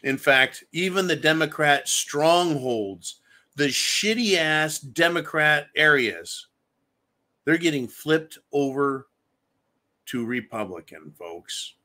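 A man hosts a live-style show, ranting in a bright, forceful voice. He swears constantly and sounds openly angry as he talks. His pitch sits a little above most men's. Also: expressive, takes it slowly. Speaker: show host reading viewer comments. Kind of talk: profane political rant.

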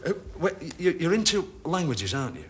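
A man hosting a television game show, teasing contestants with quick, chirpy quips in a studio. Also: a little high, big pitch swings. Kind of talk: jokey studio banter. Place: TV studio with live audience. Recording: old TV broadcast, audience laughter, hiss.

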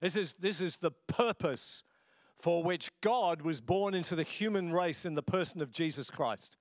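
A man's voice: high-pitched, no echo, clean studio sound. A middle-aged man, a pastor preaching a passionate, conversational sermon. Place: church.

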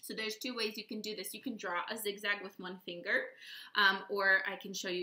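A woman teaching young children letter sounds, slow and encouraging, demonstrating each sound. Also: mid-range voice, steady tone, bright, forceful tone, reverberant. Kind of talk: children's phonics lesson.

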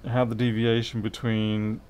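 A man's voice: lowish voice, completely flat delivery, a little slow, a little mellow, clean tone. A middle-aged man, chatting casually and thinking aloud while he works through a repair on a livestream. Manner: rambling, thinks aloud, answers chat.

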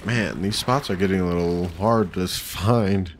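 A man's voice: deep voice, unhurried, a little hiss or hum. A man commenting casually while playing a video game, laid-back and sweary. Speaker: gameplay streamer. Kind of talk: let's play commentary.

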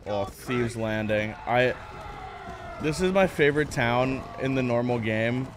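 A man's voice: mid-range voice, unhurried, background noise. A man streaming a video game, joking playfully and blurting mock gunshot sounds. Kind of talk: gameplay commentary.

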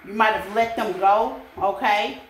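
A woman's voice: mid-range voice, unhurried. A woman giving a casual, chatty tarot reading to her viewers, laughing often and calling them babies. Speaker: tarot reader. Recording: echoey room with faint noise.

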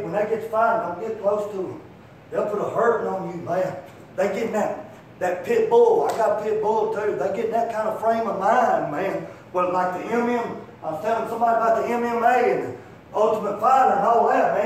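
Folksy preacher, very high voice. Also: male voice. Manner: folksy, rambling, fills with "man" and "buddy". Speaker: evangelist. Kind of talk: sermon with storytelling. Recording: echoey hall from far off, faint hum.

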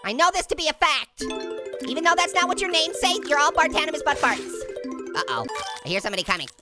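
A hyper cartoon orange squeaks and cackles through a let's-play, bragging and teasing everyone with silly potty jokes. His voice sits very high and swoops wildly up and down. Bouncy game music plays behind him. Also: very animated, quick pace. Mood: giddy, taunting. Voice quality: squeaky, giggling constantly. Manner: goofy, boastful, trash-talking with toilet humor. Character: cheeky hyper male talking orange. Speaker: gamer.

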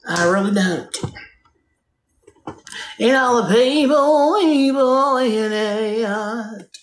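A woman's voice: on the high side, extremely slow, pauses often, slight background noise. Woman ranting profanely in a roomy space. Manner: profane, insulting, theatrical. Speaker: livestream host. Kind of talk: livestream rant.

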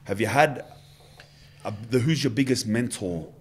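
A man's voice: mid-range voice, lively intonation, unhurried, husky. A man hosting a casual podcast interview, chiming in with short slangy reactions. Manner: brief slangy backchannels. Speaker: podcast host.

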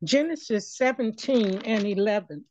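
A woman reading scripture aloud carefully and deliberately. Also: mid-range voice, a little mellow, highs cut off, slight background noise. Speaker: scripture reader.

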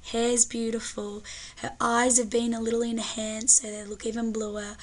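A woman teacher, slightly breathy, explaining a film scene in a chatty way and often checking in with tag questions. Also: a little high, little pitch movement, normal speed. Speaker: English teacher. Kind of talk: film analysis lesson.

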